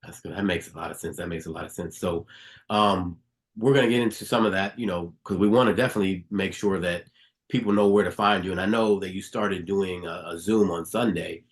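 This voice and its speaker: A man's voice: low voice, fairly quick. A man co-hosting a podcast, asking a guest loose, conversational questions with fillers. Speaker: podcast co-host. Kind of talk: interview questions.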